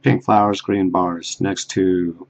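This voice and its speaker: A man talking in a rambling solo monologue, with a halting, muttered delivery and soft chuckles. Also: sits low, little pitch movement, vocal fry. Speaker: video blogger.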